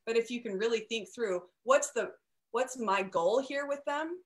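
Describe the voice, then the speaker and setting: Woman host, 30s, conversational and chatty, a bit high-pitched. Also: moderate pace. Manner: chatty, laughs often, many restarts. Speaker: parenting podcast host. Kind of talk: casual conversation.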